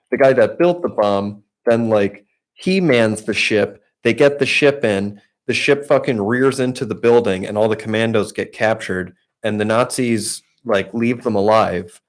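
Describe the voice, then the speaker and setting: A young man co-hosting a podcast, telling a long story in a rambling, profane way, packed with "like" and restarts. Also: fairly low pitch. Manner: rambling storyteller, heavy swearing and filler "like". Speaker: podcast co-host. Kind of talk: casual chat.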